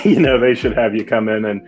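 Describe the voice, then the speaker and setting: A man co-hosting a video-call interview, asking questions in a casual, halting way. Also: medium pitch, steady tone, a little mellow, soft background music. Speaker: co-host.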